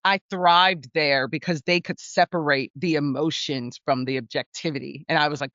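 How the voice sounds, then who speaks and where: A woman co-hosting a podcast, talking about film in a casual, animated and emphatic way, sometimes swearing. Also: sits low, normal speed, few pauses, no echo, muffled recording. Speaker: podcast co-host.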